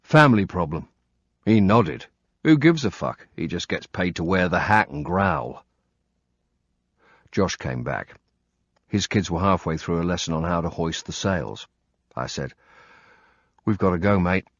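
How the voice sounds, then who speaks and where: A man's voice: low-pitched, animated, a little slow, pauses often, dry recording. A man narrating a first-person audiobook in a plain, blunt, conversational way. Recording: dull lo-fi dry recording.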